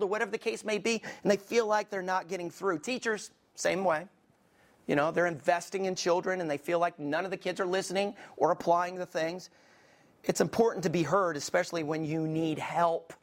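A man delivers a sermon from the pulpit as pastor. He preaches with passion, talking the way one talks with friends, and keeps turning to his listeners with questions. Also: sits high. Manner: impassioned, conversational preaching with many asides to the congregation.

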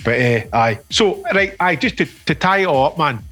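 A Scottish man hosts a radio chat, his voice husky and a touch high for a man. He talks loosely and lively, swearing freely, with faint music under the talk. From Scotland. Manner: lively storyteller, quick to swear. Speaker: radio show host. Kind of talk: casual interview chat.

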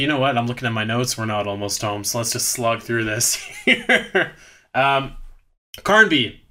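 A man's voice: medium pitch, pushed and bright. A man co-hosting a podcast, recapping a bad movie in rambling, profane, sarcastic casual chat.

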